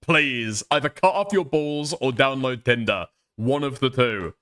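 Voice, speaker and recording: A man's voice: medium pitch, a little slow, a bit bright. A man streaming live, reacting to a clip with profane, exasperated commentary and laughing asides.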